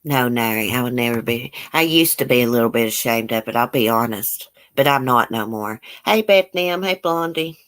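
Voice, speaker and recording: A woman's voice: very deep voice, lively intonation, moderate pace, few pauses. A woman with a broad Southern country accent hosts a casual livestream, reading out and answering viewer comments. She is blunt and outspoken, swears without hesitation, and has a folksy, drawling way of speaking. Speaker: YouTube livestream host.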